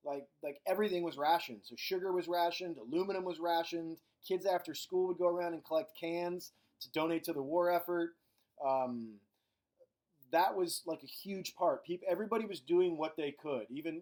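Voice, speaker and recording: A man delivers a recorded world-history lecture in a loose, joking manner full of fillers and side remarks. His voice sits a little high for a man. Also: a little mellow. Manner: casual and joking, with frequent fillers. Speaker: history teacher.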